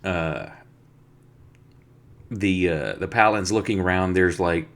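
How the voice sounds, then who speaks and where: A man's voice: low voice, unhurried, vocal fry. A man, the dungeon master, casually recapping a tabletop game session in a rambling storytelling way. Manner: rambling storytelling that acts out the players' lines.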